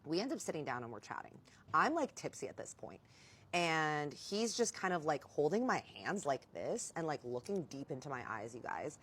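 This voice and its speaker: A woman's voice: low voice, moderate pace, slight background noise. A woman telling a story in casual vlog style, candid, swearing freely and addressing her viewers directly. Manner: animated when quoting herself. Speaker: storytime vlogger.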